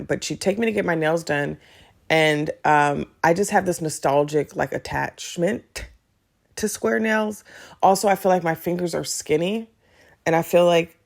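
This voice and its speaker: A woman hosting a podcast, telling a personal story in a chatty, animated way and acting out the dialogue. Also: deep voice, gravelly. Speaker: podcast host. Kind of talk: casual storytelling monologue.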